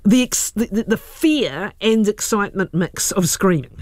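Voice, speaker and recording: A woman's voice: mid-range voice, expressive, measured pace, darkish tone, dry recording. A woman hosting a live radio interview, chatty and playful, often laughing. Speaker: radio host. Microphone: studio microphone.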